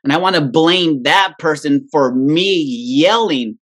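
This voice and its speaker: A man's voice: fairly high pitch, measured pace, fairly bright tone. A man on a podcast telling a long personal story in casual chat. He swears freely, laughs at himself and tags nearly every sentence with "right?".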